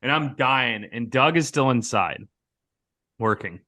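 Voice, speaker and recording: Speaking at an unhurried pace with a medium-pitched voice, an American man animatedly recounts a prank in casual conversation. He loudly performs the lines of each person in the story.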